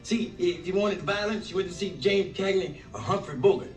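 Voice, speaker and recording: An actor playing a cranky, sly older junk dealer in a 1970s sitcom, with dry, sarcastic comic timing. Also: male voice, sits high, normal speed, echoey room, natural voice. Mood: wry. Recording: old TV sitcom clip from a distance, loud music.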